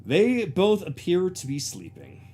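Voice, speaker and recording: A man narrating a tabletop game as game master, halting and full of fillers. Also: high-pitched, wildly swooping pitch, a little mellow, husky.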